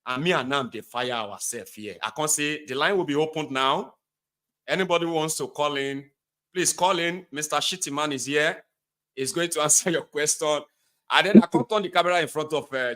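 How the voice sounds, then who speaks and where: Nigerian man hosting, animated and chatty. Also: fairly high pitch, normal speed. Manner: animated, drifting into Nigerian Pidgin asides. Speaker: show host. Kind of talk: casual chat.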